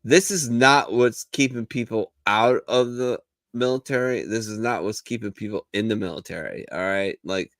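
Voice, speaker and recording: A man's voice: fairly low pitch, moderate pace, a bit bright, no echo, clean studio sound. A man hosting a casual podcast, joking loosely and swearing often as he chats. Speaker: podcast host. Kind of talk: casual banter.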